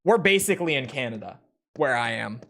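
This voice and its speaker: A man's voice: medium pitch, lively intonation, fairly quick, fairly bright tone, slight background noise. A young man from Minnesota, streaming a game from his room and chatting with viewers in a rambling, profane, joking way. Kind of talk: casual chat with viewers while gaming.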